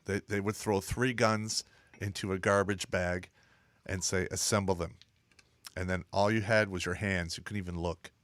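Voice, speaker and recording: A man's voice: low-pitched, fairly even intonation, moderate pace, fairly bright tone, no echo. A man, an army veteran co-hosting a casual livestream, talking bluntly with crude humor.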